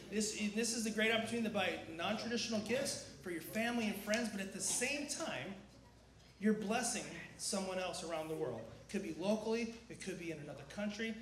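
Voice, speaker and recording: Give me a high-voiced, energetic man calling out church announcements and quizzing the crowd. He is getting over a cough. It is recorded in an echoey sanctuary with a faint hum of ambience behind. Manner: energetic, asks the crowd questions.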